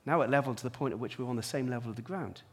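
A man giving a sermon, telling his own story in a personal way, dropping quiet and then rising to emphatic peaks. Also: medium pitch, rapid-fire, breathy edge. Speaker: preacher.

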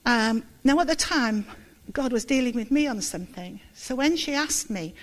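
A middle-aged woman giving a candid, self-deprecating church testimony, halting and close to tears. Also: on the high side, animated. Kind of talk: sermon with personal testimony.

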